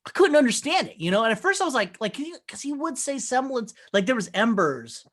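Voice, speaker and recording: A man in casual podcast chat, telling long wandering stories full of swearing. He keeps acting out other people's lines in quick voices of his own. His pitch rises and falls a lot as he talks. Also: sing-song, fairly bright tone. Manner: rambling, profane storyteller who acts out quotes. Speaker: podcast co-host. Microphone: remote call mic.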